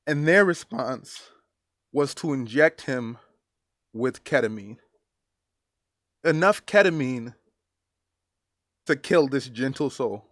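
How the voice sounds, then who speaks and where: A man giving personal commentary as a vlogger, earnest and emotional, halting and repeating phrases for emphasis. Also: medium pitch, animated, a bit bright, dry recording, clean studio sound.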